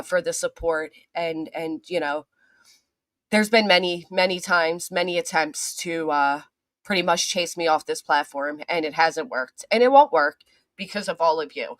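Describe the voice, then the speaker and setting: Chatty low-voiced woman hosting a livestream. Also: a bit bright, no room sound, studio quality. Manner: chatty, greets viewers, swears casually. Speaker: channel host. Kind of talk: casual livestream chat.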